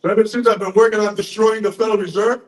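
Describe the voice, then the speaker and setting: A man in his sixties giving a rambling, profane, excitable speech to a crowd, a little drunk. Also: sits high, very fast, reverberant, rough recording. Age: 60s. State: tipsy. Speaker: conference speaker.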